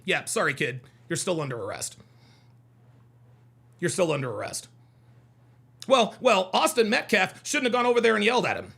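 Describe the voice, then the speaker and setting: A man's voice: high-pitched, big pitch swings, normal speed, vocal fry, long pauses, a bit bright, breathy edge. A man hosting a heated livestream, reading out chat comments and arguing with them in a combative, mocking way, repeating his points.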